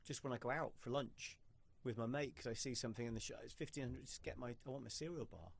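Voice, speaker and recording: A male podcast host in casual conversation who tells stories with a lot of energy. His pitch sits in the middle range for a man, and he swears freely as he talks. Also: quick pace, gravelly, slight background noise. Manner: animated storyteller, swears freely.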